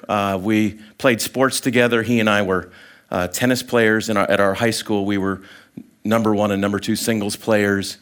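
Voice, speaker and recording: A middle-aged man giving a sermon as a story, animated and chatty, full of fillers and restarts, acting out the people in it. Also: lowish voice. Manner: animated storyteller, acts out voices, many fillers. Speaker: guest speaker.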